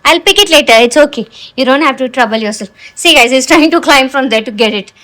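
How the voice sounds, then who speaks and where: Young indian mom vlogging on her phone, high voice, chatty, keeps coaxing her little one. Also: expressive, quick pace, a bit bright, low-quality recording. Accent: Indian English. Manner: chatty, coaxing her toddler, asides to viewers. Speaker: vlogger and mother. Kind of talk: casual home vlog.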